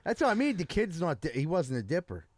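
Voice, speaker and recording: A man on a casual podcast with a slightly high, lively voice, chiming in blunt and crude. The sound is dry and close. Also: fast, no echo. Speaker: podcast co-host.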